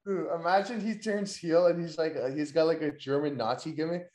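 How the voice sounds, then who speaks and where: An excitable man hosting a casual wrestling recap, full of slang, "yo" and "dude," and free swearing. His voice is fairly high for a man. It rings around an echoey room. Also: brisk. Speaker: podcast host.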